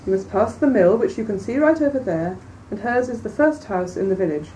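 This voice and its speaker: A woman voicing an innocent, trusting little village girl in a storybook reading, in a high childlike voice. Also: animated, a little fast, dark tone, lightly acted. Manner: high, wide-eyed childlike voice. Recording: distant mic, faint background noise.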